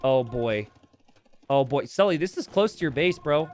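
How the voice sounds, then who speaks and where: A man casting a strategy game, chatty and jokey, bursting into excited shouts and laughter. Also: a little high, moderate pace, faint music behind. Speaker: game caster. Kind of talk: live strategy game commentary.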